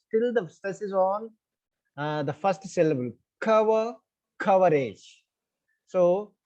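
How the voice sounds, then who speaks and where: A male teacher, giving an online class over a video call, explaining slowly and calling on students. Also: sits high, warm tone. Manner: explains slowly, repeats questions, calls on students. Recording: slightly muffled online class audio.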